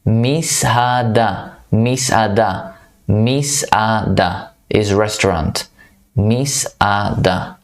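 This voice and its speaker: A man teaching a beginner vocabulary lesson, repeating each word several times. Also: lowish voice. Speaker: Hebrew teacher.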